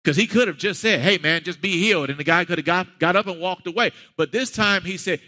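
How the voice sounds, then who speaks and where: A man's voice: on the high side, quick pace, sharp tone, in a large hall. A man preaching a sermon as a pastor, talking conversationally and building to emphatic peaks.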